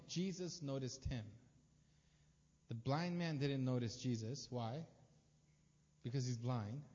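A man's voice: a little high, darkish tone. A man preaching a sermon in a casual, conversational way, with plenty of fillers. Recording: dull, lo-fi sound with long reverb.

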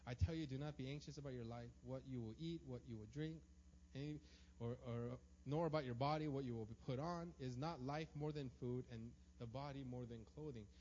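A man's voice: medium pitch, brisk, a little mellow. A man in his thirties, a pastor, preaching a sermon in a chatty storytelling way and often asking "right?". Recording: long hall reverb, dull lo-fi sound, faint hum.

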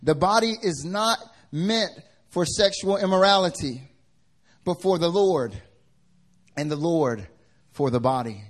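A male pastor preaching a sermon in a lively way. He swings from loud to hushed and acts out the people in his stories. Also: fairly high pitch, a little slow.

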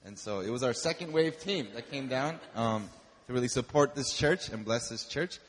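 Man, church introduction, hesitant, mid-pitched voice, long hall reverb. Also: lively intonation, normal speed, slightly rough. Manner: hesitant, searching for words. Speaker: church leader introducing the preacher. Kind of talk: casual introduction.

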